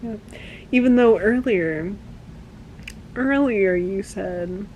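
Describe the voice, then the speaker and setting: A young woman vlogging her reactions to a novel in casual, animated, exasperated commentary. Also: mid-range voice, measured pace, a little hiss or hum, poor audio. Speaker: book vlogger.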